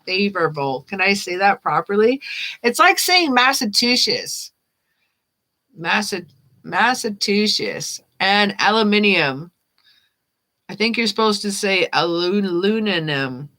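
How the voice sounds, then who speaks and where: A woman hosting a live-stream tarot reading, chatting casually and warmly with her viewers and laughing often. She talks at an unhurried, slow pace. Her voice has a bright, forceful edge. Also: mid-range voice, animated. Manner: chatty, reads chat names aloud, laughs often. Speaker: tarot reader.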